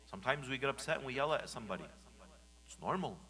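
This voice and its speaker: Animated man preaching a sermon. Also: mid-range voice, fast talker, poor audio. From United States. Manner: animated, swings from hushed to shouting when acting out scolding. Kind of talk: Friday sermon. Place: mosque.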